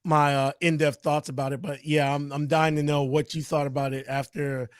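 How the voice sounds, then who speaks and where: A man's voice: on the high side, level tone, normal speed, no room sound, clean studio sound. A man co-hosting a casual review podcast, talking eagerly with lots of fillers and restarts. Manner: hesitant, many fillers and restarts, enthusiastic. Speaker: podcast co-host.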